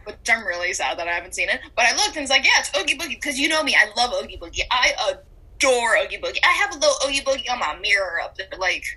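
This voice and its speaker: Giggly young woman podcast cohost, really bright husky voice, gushes a lot. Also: on the high side, quick pace, poor audio. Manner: giggly, excitable, gushing. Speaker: podcast co-host. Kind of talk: casual chat.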